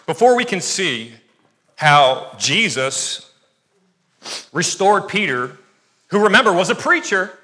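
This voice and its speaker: A man preaching from the pulpit in a high, bright voice with a forceful edge. He reads scripture aloud, then wanders into quick asides, corrects himself and pushes on. His delivery is lively and conversational. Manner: animated, digressive preaching with self-corrections and asides. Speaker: pastor. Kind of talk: sermon.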